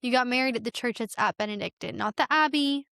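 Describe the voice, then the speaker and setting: A woman hosting a podcast, asking questions in a relaxed, chatty way. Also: a little high, fast talker, creaky, clean tone, dry recording, clean studio sound. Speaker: podcast host. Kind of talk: casual chat.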